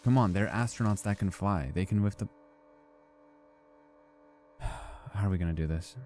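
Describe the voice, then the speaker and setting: A young man streams a game, chatting loosely with his viewers. His voice sits low and warm, and his talk is joking and profane. Faint music plays behind him. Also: normal speed. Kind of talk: casual gameplay commentary.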